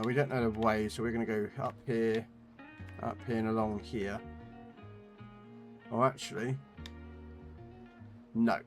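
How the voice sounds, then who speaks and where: A man streaming a video game, chatting casually with his viewers and swearing at the game as he plays. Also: mid-range voice. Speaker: gaming streamer. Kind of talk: live game stream commentary. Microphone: desk condenser mic.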